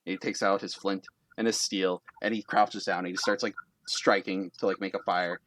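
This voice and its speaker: A man's voice: low voice, little pitch movement, moderate pace, fairly bright tone, dry recording. A young man narrating a tabletop game as game master, in a casual, rambling way full of fillers.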